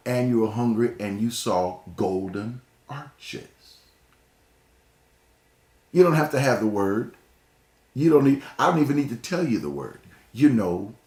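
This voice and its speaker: A man's voice: mid-range voice, darkish tone, roomy sound. Emphatic Ohio man with slight Texas drawl. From Northeast Ohio. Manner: emphatic, repeats words, varies pace. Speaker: speaker. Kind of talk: motivational talk.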